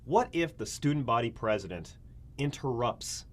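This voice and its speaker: A man's voice: mid-range voice, sing-song, normal speed. Conversational male government lecturer. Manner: conversational, asks rhetorical questions, acts out scenarios. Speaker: community college government instructor. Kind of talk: recorded classroom lecture.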